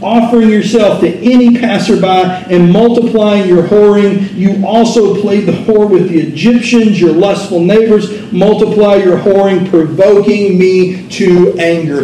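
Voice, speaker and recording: A man's voice: high-pitched, dark tone. A man preaching a sermon in an impassioned way, reading scripture aloud and then asking and answering his own rhetorical questions. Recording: roomy echo from a distant mic.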